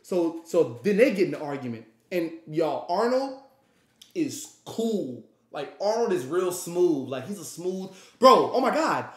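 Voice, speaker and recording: A man telling a story to a live audience, animated and profane, acting out the people in it. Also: fairly high pitch, unhurried, reverberant. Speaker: streamer.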